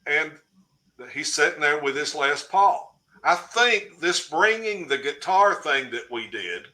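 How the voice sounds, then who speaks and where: Bright-voiced older storyteller man. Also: on the high side, takes it slowly. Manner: lively storyteller who acts out quoted dialogue. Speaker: guest storyteller. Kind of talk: casual anecdote telling on a podcast.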